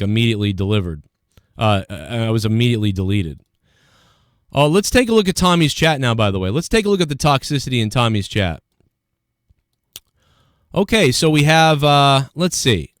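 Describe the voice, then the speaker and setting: A man's voice: mid-range voice, lively intonation, moderate pace, smooth, no echo, studio quality. A man hosting a livestream, ranting in an aggrieved tone and reading out chat comments. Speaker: livestream host.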